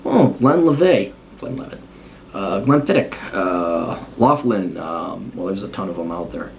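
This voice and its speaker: A man's voice: low voice, expressive, unhurried, creaky, background noise. A man in his forties giving a blunt, profane, opinionated casual monologue. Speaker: host.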